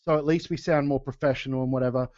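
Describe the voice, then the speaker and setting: A man's voice: medium pitch, steady tone, quick pace, a little mellow, dry recording. Give me a man telling band stories with lots of laughs and restarts, on a dry, dull-sounding recording. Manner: laughing often, restarting sentences. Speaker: podcast co-host and metal band singer. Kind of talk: casual podcast chat.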